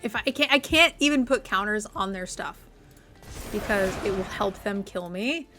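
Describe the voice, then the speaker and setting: A woman's voice: mid-range voice, lively intonation, normal speed, pushed and bright, soft background music. A woman streamer giving gameplay commentary, thinking aloud and playfully exasperated as she plays.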